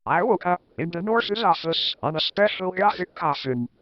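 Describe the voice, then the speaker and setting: A man's voice: high-pitched, expressive, moderate pace, no room sound. A man giving a comic dramatic reading, with wry, sarcastic asides. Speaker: reader. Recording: dull, lo-fi dry recording.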